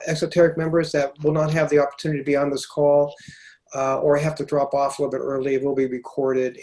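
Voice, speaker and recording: A man with a slightly high voice hosts an online webinar over a video call. He speaks in a halting way, with many fillers and restarts. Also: darkish tone. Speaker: host. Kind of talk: webinar hosting.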